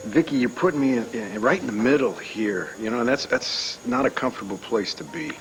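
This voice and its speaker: A man's voice: mid-range voice, brisk, background noise, close to an everyday voice. An actor playing a reluctant man keeping his brother's secret, stammering and hesitant. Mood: torn. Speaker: brother torn over a secret. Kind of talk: daytime soap acting.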